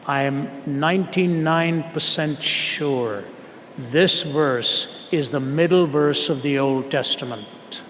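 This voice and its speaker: An earnest male preacher tells a story and presses his listeners with rhetorical questions, slowing down to stress key words. His voice sits fairly high for a man. The sound rings with the long reverb of a large hall over a faint background hiss. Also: a bit bright. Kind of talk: storytelling sermon. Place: large hall with a live audience.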